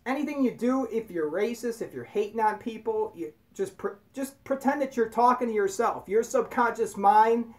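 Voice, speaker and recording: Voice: mid-range voice, expressive, moderate pace, few pauses, a little mellow. A host giving casual spoken commentary in a blunt, profane, rambling way. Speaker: video host.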